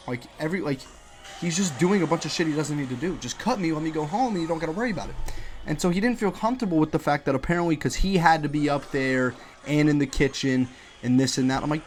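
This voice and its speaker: A young man ranting at home about his restaurant job while playing a game, animated, profane and full of slang. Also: fairly high pitch, fast. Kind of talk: casual rant over gameplay.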